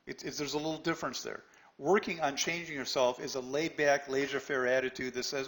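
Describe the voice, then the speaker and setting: Quick and fairly bright, with a slightly high voice, this trading instructor runs a live online lesson. He talks straight to students by name in a blunt, pushy, challenging way, frequently adding "right?" and stammering over restarts.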